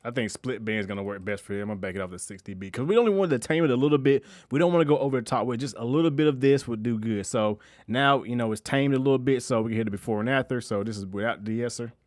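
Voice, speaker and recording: A young man talks through a production tutorial at a quick clip. He speaks in a loose, slangy way and restarts his sentences often. The voice sounds dry and close, with little room around it. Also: medium pitch, dry recording. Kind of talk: casual screen-recorded tutorial.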